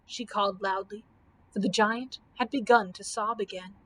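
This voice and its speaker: A woman librarian reading a children's storybook aloud with expressive, measured storytelling. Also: medium pitch, poor audio.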